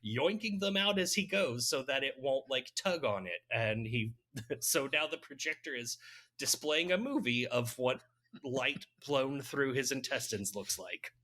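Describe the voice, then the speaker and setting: A man's voice: mid-range voice, lively intonation, measured pace, sharp tone. A man co-hosting a podcast, casually recapping a film's plot with wry, laughing asides. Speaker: podcast co-host recapping a film. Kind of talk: casual chat.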